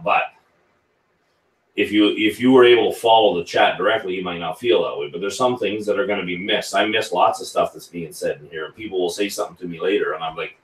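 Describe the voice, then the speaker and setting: A man's voice: low voice, quick pace, distant mic. A man hosting a casual live chat about whisky, reading out viewer comments as he goes. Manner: chatty, reads out viewer comments. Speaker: whisky channel host. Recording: roomy sound, set back from the mic.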